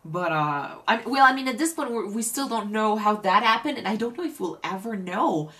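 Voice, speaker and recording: A woman's voice: medium pitch, animated, brisk, a bit bright. Woman co-host, casual reaction chat, reflective, restarts often. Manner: thoughtful, restarts sentences often.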